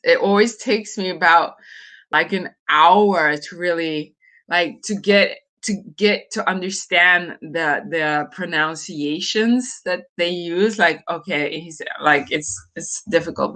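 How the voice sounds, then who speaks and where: Woman in her forties, from Norway, bright tone, relaxed unhurried delivery, casual live chat, chatty and giggly. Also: on the low side. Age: 40s. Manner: chatty, hesitant, laughs often. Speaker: livestream host.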